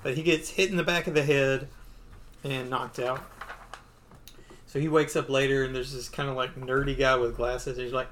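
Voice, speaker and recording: A man's voice: mid-range voice, level tone, normal speed, fairly bright tone. A man co-hosting a podcast, casually retelling a comic book story. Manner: casual, filler-heavy, playful. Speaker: podcast co-host.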